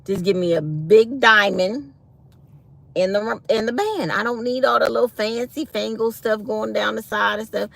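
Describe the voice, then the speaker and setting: Animated woman telling a story. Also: fairly high pitch, normal speed, creaky, no echo. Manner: animated, laughs often, quotes others. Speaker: vlogger. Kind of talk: casual storytelling.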